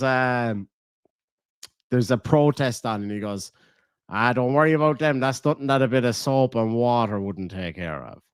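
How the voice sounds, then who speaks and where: A man's voice: mid-range voice, dry recording. Irish guy rambling on stream, swears a lot, dead dry mic. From Ireland. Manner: swearing, laughing, rambling asides. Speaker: streamer reading viewer comments. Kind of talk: casual live-stream chat.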